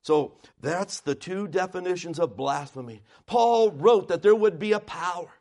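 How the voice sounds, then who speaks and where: A man's voice: high-pitched, moderate pace, a little mellow. A man preaching a sermon, emphatic and asking the congregation questions as he goes.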